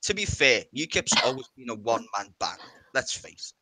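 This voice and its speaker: A man's voice: mid-range voice, sing-song, normal speed, bright, forceful tone, slightly rough, dry recording. A man with a Liverpool Scouse accent chatting casually on a stream, blunt, opinionated and sweary. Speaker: stream co-host. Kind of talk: casual chat.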